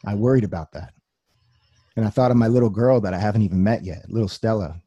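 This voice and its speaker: Earnest man telling his story, mellow husky voice. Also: lowish voice, fast, no room sound, highs cut off. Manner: earnest storytelling with wry humor. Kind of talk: personal testimony talk.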